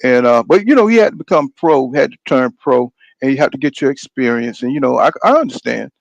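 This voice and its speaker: Hosting a boxing podcast, this man speaks at a medium pitch with lively intonation, a fairly quick pace, and vocal fry, with no echo. The recording is dull, dry, and lo-fi. He rambles in a casual way, gets worked up, swears often, and keeps saying "you know what I'm saying".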